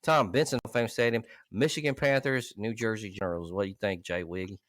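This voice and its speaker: A man's voice: on the low side, brisk, fairly bright tone, dry recording, studio quality. A man hosting a casual podcast with loose, profane, laughing banter. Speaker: podcast host. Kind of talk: casual comedic podcast chat.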